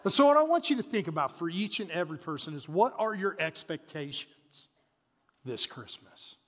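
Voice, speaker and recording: Telling a family story from the pulpit, a pastor in his forties alternates between loud outbursts and quiet asides. His voice is a little high and slightly rough at a moderate pace, echoing in a reverberant hall.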